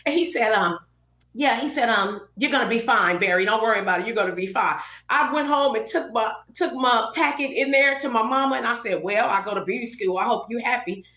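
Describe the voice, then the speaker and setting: Middle-aged woman from LA telling stories on a podcast, slightly high voice, does all the quotes herself, echoey room. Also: brisk. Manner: animated storyteller acting out quoted dialogue. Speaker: podcast guest, hairstylist. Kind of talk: casual storytelling interview.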